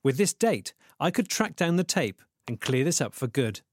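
A man narrating a comedy podcast investigation in an earnest, self-important, deadpan way. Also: a little high, moderate pace, dry recording, studio quality.

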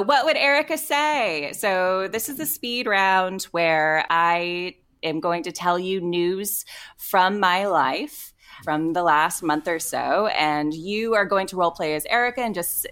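A needy, oversharing American podcast host, played by a woman in an improvised comedy sketch. Her voice is bright and forward, and she talks awkwardly with nervous giggles. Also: fairly low pitch, a little slow.

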